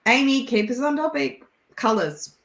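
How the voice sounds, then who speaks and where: Speaking at a normal pace, this woman has a high voice and an Australian accent, and the sound is roomy. She's a guest on a video call, chatting casually and telling stories in an animated way, laughing often.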